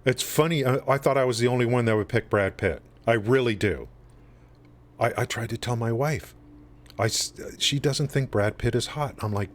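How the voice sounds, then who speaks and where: A man's voice: mid-range voice, normal speed. Rambling male livestream host. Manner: rambling, animated, many restarts and fillers. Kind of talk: casual chat with stream chat.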